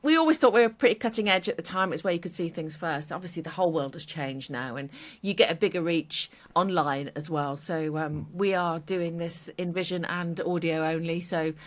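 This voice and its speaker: A woman's voice: fairly low pitch, fairly quick. A woman co-hosting a tech podcast, chatting upbeat and reading listener comments. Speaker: podcast co-host.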